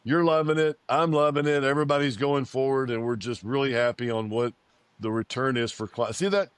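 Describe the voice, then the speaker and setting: A man's voice: medium pitch, fairly even intonation, brisk, clean tone, dry recording. A man in his fifties, an oil and gas company founder, giving an interview and telling a story, repeating phrases and acting out quoted dialogue.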